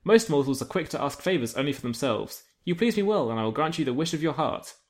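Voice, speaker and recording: A man voices a haughty fairy queen, aloof and scornful. Her lines come a little higher than the reader's own talk. Her tone is lofty and regal. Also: animated, quick pace.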